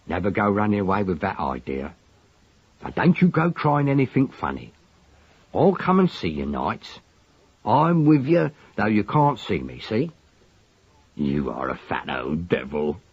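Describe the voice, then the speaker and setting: A man voicing a truculent middle-aged Cockney manservant with a husky, grumbling, slangy delivery, on a dull lo-fi recording. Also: lowish voice, huge pitch swings, a little slow, heavily acted. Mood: coaxing.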